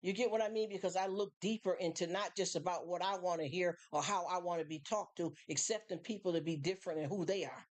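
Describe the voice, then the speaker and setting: Chatty woman with a lowish voice. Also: steady tone, fast, hardly any pauses, darkish tone. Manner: chatty, rambling, many fillers and restarts; acts out other people's voices in quotes. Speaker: live stream host. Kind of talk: casual monologue to viewers.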